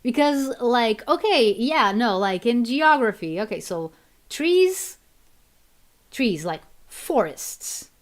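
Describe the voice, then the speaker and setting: A woman's voice: fairly high pitch, very animated, takes it slowly. A woman chatting casually on a stream, rambling with many restarts and easy laughs. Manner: rambling, restarts often, laughs easily, switches to Portuguese. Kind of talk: casual chat while worldbuilding.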